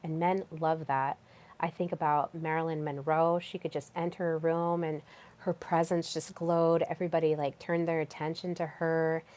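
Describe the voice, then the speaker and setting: Casting: low-pitched young woman, solo podcast host, relaxed and chatty, with lots of fillers and restarts. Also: normal speed. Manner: chatty, with frequent fillers and repeated words. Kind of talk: casual solo podcast talk.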